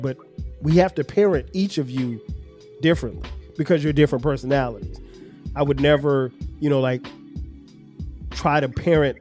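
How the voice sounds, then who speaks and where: A middle-aged man with a mid-range, darkish voice hosts a podcast as a father, talking earnestly with his children about parenting. It's a reflective family conversation in which he explains at length, restarting often.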